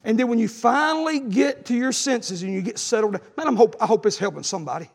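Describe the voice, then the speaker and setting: A man, preaching an impassioned sermon and telling a personal story, shouting at the peaks. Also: very high-pitched, fast, gravelly.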